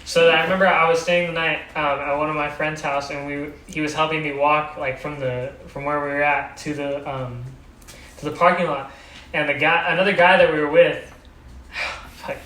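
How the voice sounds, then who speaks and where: Rambling young man, bright voice. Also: fairly high pitch, steady tone, moderate pace. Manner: rambling, laughing through the story, swearing. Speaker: podcast co-host. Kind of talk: casual chat, drunk story. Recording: echoey room, mic at a distance, faint background noise.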